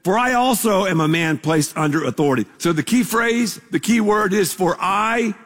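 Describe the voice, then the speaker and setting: A man's voice: high-pitched, moderate pace, fairly bright tone. A man preaching a sermon as pastor, conversational and emphatic, asking the congregation to repeat words with him. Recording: long reverb of a large hall.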